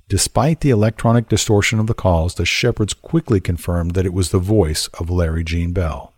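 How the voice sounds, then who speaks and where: A man calmly narrating a scripted true-crime story meant to help listeners fall asleep, in an even, unhurried delivery. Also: low-pitched, dry recording, studio quality. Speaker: narrator and host.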